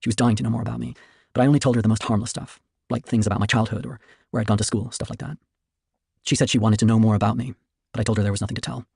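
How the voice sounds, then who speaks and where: Fast gravelly man reading aloud. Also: lowish voice, steady tone, darkish tone, dry recording. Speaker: streamer reading a novel. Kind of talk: casual reading aloud of a novel.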